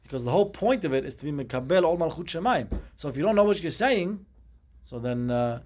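A man's voice: fairly high pitch, animated, fast talker, a little mellow. A man teaching a Talmud class, explaining step by step and mixing Hebrew terms into his English.

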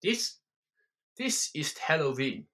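Brief: gruff bellowing German bar owner in broken English, middle-aged, bright edge, put on by a man telling a story. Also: a little high, sing-song, slow pace, pitched above the performer's own voice, heavily acted.

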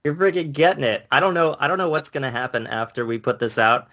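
A man's voice: mid-range voice, lively intonation, quick pace, pushed and bright. A man co-hosting a podcast in casual chat, rambling enthusiastically and laughing often. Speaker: podcast co-host.

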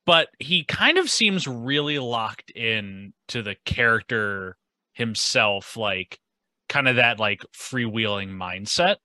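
Male podcast guest, sharp and bright, dry close mic, thoughtful and hedging in his delivery. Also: mid-range voice, animated, slow pace, no echo, low-quality recording. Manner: hedging, thoughtful, heavy use of "like" and "kind of". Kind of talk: casual podcast discussion.

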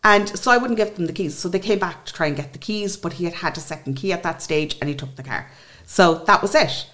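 An Irish woman in her forties tells her own story as a podcast guest. She talks with a lot of feeling and acts out the voices of the people in it. Her voice sits a bit low. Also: fairly quick. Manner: emotional, animated, acts out what others said. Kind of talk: personal storytelling in a podcast interview.

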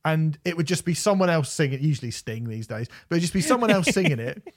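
Man, podcast co-host, sweary ranter with a lively, up-and-down delivery. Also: on the high side, quick pace. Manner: sweary, ranting, animated. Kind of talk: casual chat, album review.

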